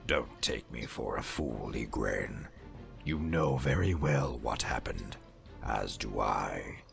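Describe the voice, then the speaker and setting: An actor playing a cold, scheming villainous duke in a game cutscene, speaking in a measured, threatening way. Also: male voice, rumbling low, lively intonation, gravelly, fairly bright tone, faint music behind, full character voice. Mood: menacing.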